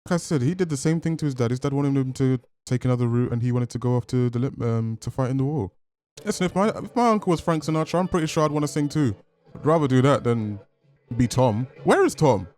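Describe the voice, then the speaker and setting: A man hosting a film reaction, talking casually with joking asides and quick exclamations. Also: mid-range voice, animated, darkish tone. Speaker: movie reaction host.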